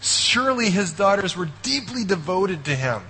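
A man's voice: high voice, big pitch swings, moderate pace, pushed and bright, a little hiss or hum, rough recording. A man preaching a sermon in a conversational way, often checking in with his listeners and adding wry asides. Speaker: pastor.

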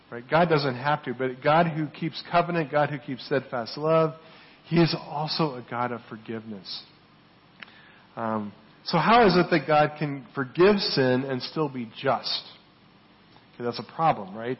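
A man preaching a sermon in a rhetorical way, often asking "right?" and swinging between loud emphatic lines and quiet, low asides. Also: normal speed, dull audio. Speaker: pastor.

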